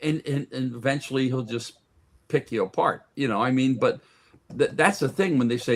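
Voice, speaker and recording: A man's voice: mid-range voice, moderate pace. A man who is a guest on a sports talk radio show, telling stories in a casual chat and often restarting and repeating words.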